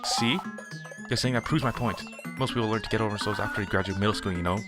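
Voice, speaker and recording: A man reading the lines of a shy, formal teenage girl from a visual novel in a low, plain voice. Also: fast talker, close to an everyday voice. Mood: cutting. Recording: game music behind.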